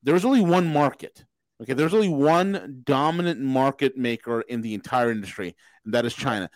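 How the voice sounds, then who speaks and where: A man's voice: mid-range voice, brisk, dry recording. A man hosting a podcast in a casual political rant, emphatic and repetitive, often restarting mid-sentence. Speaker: podcast host.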